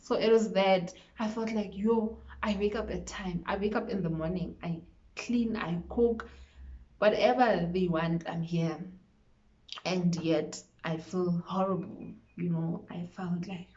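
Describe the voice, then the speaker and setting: A woman's voice: fairly low pitch, a little mellow. A young woman from South Africa candidly telling a personal story on her vlog, emotional and open, often repeating words as she searches for them. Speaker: vlogger. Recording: echoey room, dull lo-fi sound.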